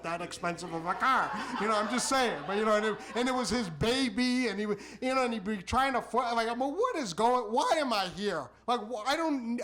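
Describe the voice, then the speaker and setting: High-voiced man rambling through a live story. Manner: rambling, repeats words, stumbles into restarts; animated, exclamatory delivery. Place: small theater stage before a live audience.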